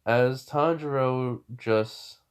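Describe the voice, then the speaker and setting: A man's voice: medium pitch, drawn-out words, clear, resonant tone. A young man casually retelling a fan story, rambling with many fillers and restarts.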